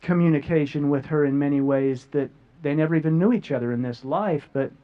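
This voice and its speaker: A man's voice: a little high, fairly quick, smooth. A middle-aged man earnestly sharing a personal story as a guest, often repeating words as he goes. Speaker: guest speaker. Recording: dull lo-fi audio.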